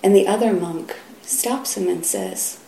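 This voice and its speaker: Slow, gravelly middle-aged woman teacher. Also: medium pitch, slight background noise. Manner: soft and halting, often sinking to a whisper. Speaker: Zen teacher. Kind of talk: dharma talk. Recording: roomy hall echo, faint ambience.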